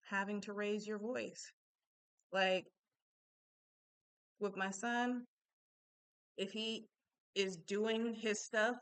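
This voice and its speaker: A woman's voice: mid-range voice, a bit bright, smooth. A young adult woman giving a casual, chatty self-help talk, candid and full of asides.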